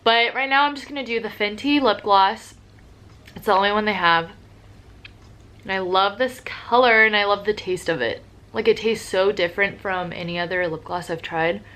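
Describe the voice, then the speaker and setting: A woman's voice: medium pitch, normal speed, fairly bright tone. Young woman, upbeat beauty vlogger, casual tutorial chat. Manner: chatty, upbeat, says "like" often.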